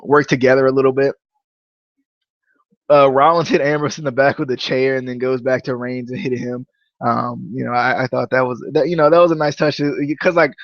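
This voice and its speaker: A young man hosting a casual wrestling review podcast, rambling and stammering, often repeating words when he gets excited. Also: mid-range voice, dry recording, highs cut off. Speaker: podcast host.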